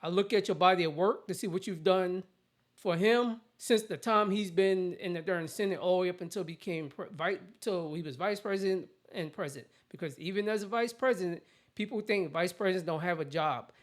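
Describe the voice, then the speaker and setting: A host delivering casual political commentary in a blunt, opinionated rant. The voice sits in a middle pitch and talks in plain everyday terms. Sentences often break off and start again. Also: fairly quick.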